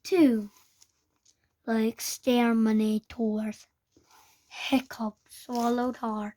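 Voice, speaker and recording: Slow, high woman reading a storybook. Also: level tone, warm tone. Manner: halting, stumbles and restarts words. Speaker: reader. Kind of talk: reading a children's book aloud.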